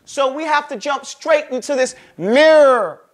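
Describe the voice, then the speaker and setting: A man with a strikingly high voice leads a Quran recitation class. He talks casually, keeps checking that students follow, and demonstrates each sound by drawing it out slowly and repeating it. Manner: drills pronunciation, stretching sounds slowly and repeating them; casual, conversational teaching with frequent check-ins. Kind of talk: classroom lesson.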